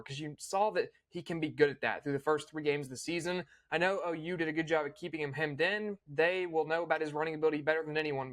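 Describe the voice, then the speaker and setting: A young man hosting a casual recap, opinionated and fluent, with quick small restarts. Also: a little high, a bit bright. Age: young adult. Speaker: host.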